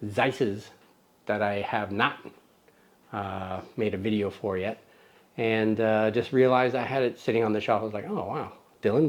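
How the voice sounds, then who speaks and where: Playful man hosting a camera show. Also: medium pitch. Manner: playful, jokey, talks to his toddler co-host. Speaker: camera review host. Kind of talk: casual chatty lens review.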